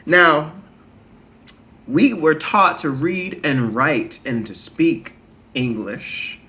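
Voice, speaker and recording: A man's voice: on the high side, sharp tone. A man hosting a podcast alone, talking in a rambling, conversational way, often restarting sentences and turning to lecture listeners with questions. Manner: emphatic and lecturing at times, asking listeners questions. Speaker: podcast host. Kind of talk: casual solo podcast monologue.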